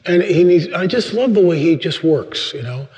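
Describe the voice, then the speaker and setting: An older man, a guest speaker at a church, telling stories in a sermon, acting out voices with big jumps in pitch. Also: normal speed. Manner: animated storyteller, acts out dialogue with big pitch jumps. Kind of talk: storytelling sermon. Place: church sanctuary. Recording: long reverb of a church hall.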